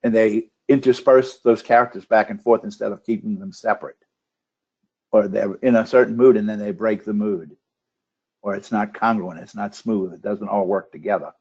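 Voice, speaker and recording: Over a webinar call picked up by his computer mic, a trainer for contest judges runs through checklist questions in turn, occasionally starting over. He speaks at a normal speed with a fairly low, even, slightly mellow and husky voice, and the sound is lo-fi.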